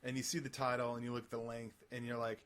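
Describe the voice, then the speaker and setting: A man co-hosting a casual podcast chat, rambling and getting excited as he tells stories. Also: medium pitch, fast talker. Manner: rambling, excitable, does mocking voices. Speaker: podcast co-host.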